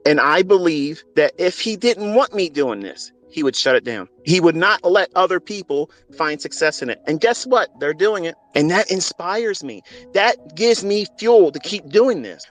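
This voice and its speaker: A middle-aged man, a trading mentor, giving an impassioned motivational talk into a phone, blunt and preachy, swearing freely and swinging between hushed and loud. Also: on the high side.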